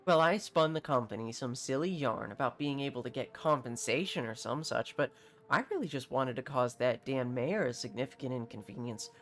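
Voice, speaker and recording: A man voicing a smug, aristocratic male mercenary captain from a game, in a haughty, drawn-out, theatrical manner. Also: medium pitch, a bit bright, lightly acted. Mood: pompous. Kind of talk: reading game dialogue aloud.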